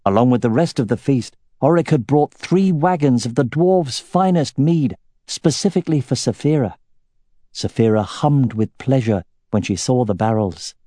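A man reading a fantasy novel aloud as the narrator, with a steady, even storytelling delivery. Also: medium pitch, moderate pace, no echo, studio quality. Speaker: audiobook narrator.

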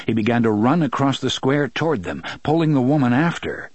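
Husky male audiobook narrator. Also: mid-range voice, brisk, few pauses, no room sound. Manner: expressive storytelling, many voices. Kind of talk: scripted narration.

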